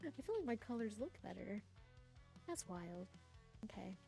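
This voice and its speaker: Woman streamer, chatty, casual, greets chat by name, laughs a lot, middle pitch, desk mic at home. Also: big pitch swings, normal speed, vocal fry, dark tone, soft background music. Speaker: game streamer. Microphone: desk mic, headset off.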